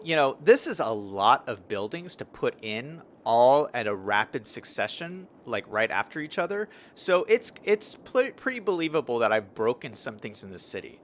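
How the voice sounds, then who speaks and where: A man's voice: medium pitch, a bit bright, a little hiss or hum. A young man casually commenting on his city-building game and reading chat messages during a live stream. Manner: chatty, upbeat, reads out chat messages.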